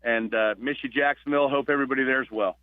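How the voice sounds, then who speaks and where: A man's voice: mid-range voice, steady tone, no echo. Man on a tinny phone line. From New Jersey. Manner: warm storyteller, halting restarts. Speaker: guest, retired police officer. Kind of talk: phone-in radio interview.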